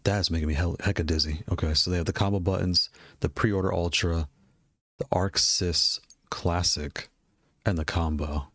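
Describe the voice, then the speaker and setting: A man's voice: sits low, fairly even intonation, moderate pace, fairly bright tone, no echo, studio quality. A man casually talking through gaming controller prices, rambling and repeating himself with frequent laughs. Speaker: gaming hardware streamer. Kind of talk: casual product commentary.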